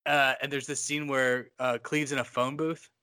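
A man's voice: medium pitch, level tone, normal speed, sharp tone, clean tone, no room sound. A man co-hosting a podcast who talks in a loose, rambling way, swearing casually as he discusses a film. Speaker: podcast co-host.

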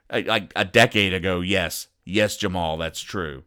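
A man's voice: deep voice, a little slow, hardly any pauses, sharp tone, clear, resonant tone. A man hosting a comedy show, explaining comic strips in a dry, sarcastic way and briefly acting out the characters' lines. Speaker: comedy podcast host. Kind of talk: deadpan comic strip commentary.

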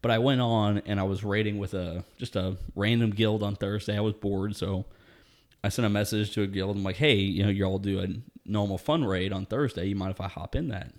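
A man's voice: on the low side, steady tone, fairly quick. A man casually telling a story in conversation, laid-back and profane, often breaking into laughter.

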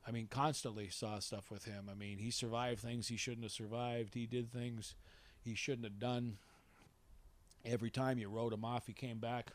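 A man's voice: medium pitch, flat delivery, moderate pace. A man telling a story in casual chat, rambling and conversational. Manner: rambling, conversational, many restarts.

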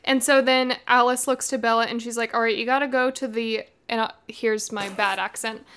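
A woman's voice: on the high side, fairly even intonation, normal speed, a bit bright, clean tone. A young woman co-hosting a casual chat, recapping a book with sarcastic, giggly storytelling. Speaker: podcast co-host.

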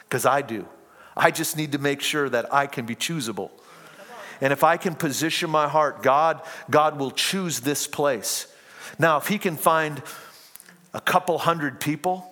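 Preaching man in a reverberant hall. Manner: rising to impassioned crying out, then dropping low and quiet. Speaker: pastor. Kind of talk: sermon.

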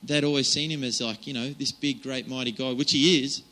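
A man's voice: mid-range voice, fairly even intonation, a little fast, pushed and bright, low-quality recording. A man giving an informal, chatty sermon, with many fillers and restarts. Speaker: preacher.

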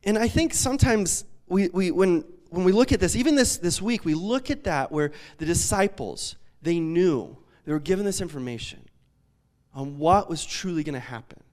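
A man, a pastor in his thirties, preaching a sermon with animated, self-deprecating storytelling and lots of fillers. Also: high-pitched, normal speed.

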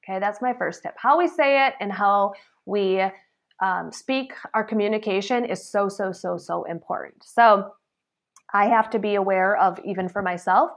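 A woman in the salon business gives an earnest motivational talk to camera, her voice sitting at an ordinary middle pitch. She speaks in a chatty, animated way, checking in with the listener through "okay?" and "right?" and acting out the lines she quotes. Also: moderate pace. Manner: animated, acts out quoted remarks. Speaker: salon professional sharing advice.

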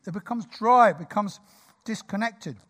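A man in his sixties preaching a sermon in a church, lively, jokey and conversational. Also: high voice, normal speed. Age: 60s.

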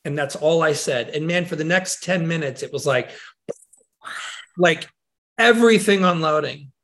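A male pastor in conversation, telling a story in an earnest, reflective way with frequent pauses and restarts. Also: on the high side, fairly bright tone.

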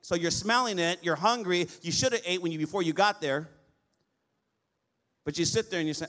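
A male pastor preaching a lively sermon, often asking the congregation for an amen. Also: high-pitched, fairly quick, long pauses. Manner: lively preaching with call-and-response amens.

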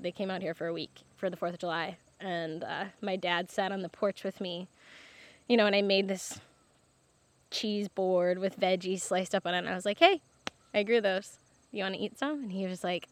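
A young woman farmer telling her story casually, lively and laughing often, with many fillers. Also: mid-range voice, dry recording. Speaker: farmer guest.

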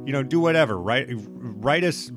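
A man's voice: medium pitch, expressive, moderate pace, music in the background. A man hosting a podcast, talking casually in a rambling, profane, self-mocking way. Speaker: podcast host.

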